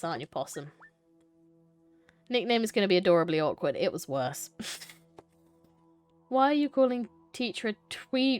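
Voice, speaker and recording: A woman's voice: medium pitch, no echo. Playful woman streamer with faint music. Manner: playful, laughing, swears casually, chats with viewers. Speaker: game streamer. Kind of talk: casual live-stream chat, reading a choice game aloud.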